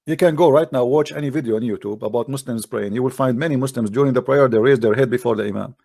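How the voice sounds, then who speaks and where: A man's voice: medium pitch, fast, gravelly, mellow, dry recording, studio quality. A man hosting a heated religious debate, arguing insistently in broken English. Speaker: host debating a caller.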